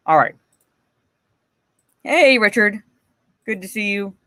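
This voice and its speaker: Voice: mid-range voice, animated, takes it slowly, sharp tone, no echo. Profane, laughing livestream host. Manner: blunt, profane, often laughing, greets chatters by name. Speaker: livestream host reading posts to chat. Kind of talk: casual livestream commentary.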